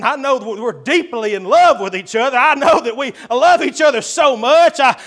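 A man's voice: extremely high pitch, fairly bright tone. A man in a sermon voicing a tired wife who whines and makes excuses.

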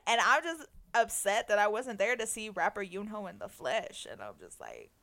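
A woman in casual chat, talking in animated, slangy bursts and acting out what others said. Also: mid-range voice, moderate pace, creaky. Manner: animated, slangy, quotes and imitates people. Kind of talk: casual chat reacting to music.

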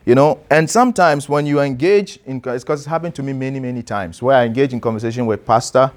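A man gives a relaxed, interactive sermon. He talks to his listeners as a pastor and teacher would. He asks questions and calls on people by name to read. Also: medium pitch.

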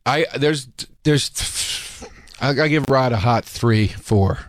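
Brief: man, podcast host, mid-pitched voice, swears freely, acts out quotes in his stories, dry booth sound. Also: slow, dry recording. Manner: swearing, storytelling, animated quoting. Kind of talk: casual chat.

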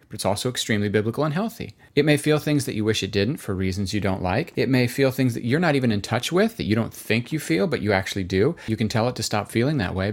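A man in his thirties giving a devotional talk, earnest and conversational, telling stories. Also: medium pitch. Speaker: Christian speaker.

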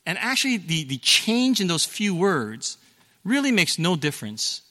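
A man's voice: high-pitched, sing-song, normal speed, pushed and bright. A middle-aged man preaching a sermon as a pastor, explaining things in a conversational way with fillers and self-corrections. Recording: long reverb of a hall.

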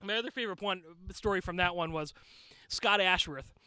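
High, bright-voiced man telling wrestling stories. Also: brisk, smooth, no echo. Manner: animated, profane, acts out quotes in other voices. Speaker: podcast guest. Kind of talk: casual storytelling chat.

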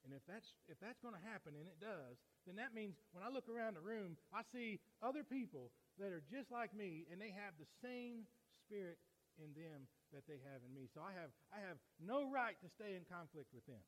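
A man, preaching a sermon in a folksy way that swings from quiet to loud. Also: high-pitched, lively intonation, moderate pace, low-quality recording.

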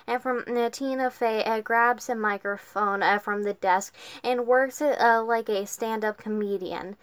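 A woman reading a middle-grade novel aloud, halting often, with many fillers and restarts. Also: fairly high pitch, fairly even intonation, clear, resonant tone, dry recording. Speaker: reader.

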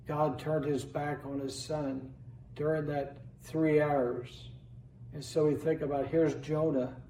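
A man's voice: on the high side, level tone, takes it slowly, mellow, slight background noise. A man pastor preaching a sermon in a church, earnestly reading scripture aloud with rising emphasis. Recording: echoey room, voice from a distance.

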